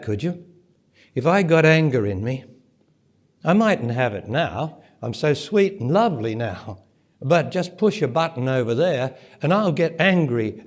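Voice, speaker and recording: At a conference centre, a spiritual teacher with a fairly high-pitched voice gives a talk to a live audience. He speaks emphatically, poses rhetorical questions, and builds to forceful peaks.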